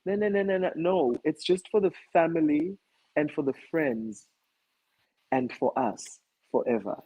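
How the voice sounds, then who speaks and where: Zulu south african guy, husky voice, talks slow and thoughtful about his music. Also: a little high, warm tone, poor audio. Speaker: musician guest. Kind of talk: casual interview talk.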